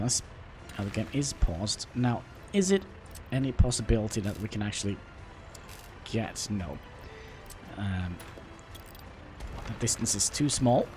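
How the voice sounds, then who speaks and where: A man from Norway with a Norwegian accent, chatting with viewers while playing a game, halting and self-deprecating. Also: fairly low pitch, darkish tone, a little hiss or hum. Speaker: livestreamer. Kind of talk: casual gameplay livestream commentary. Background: faint background music.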